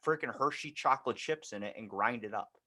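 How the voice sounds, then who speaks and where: A man in casual podcast chat, blunt and profane, swinging between loud and quiet. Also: mid-range voice, fairly quick.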